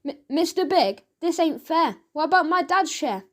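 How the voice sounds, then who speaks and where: A woman's voice: high-pitched, moderate pace, natural voice. A woman voicing a bold, defiant young boy in a storybook reading, speaking indignantly. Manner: indignant, protesting.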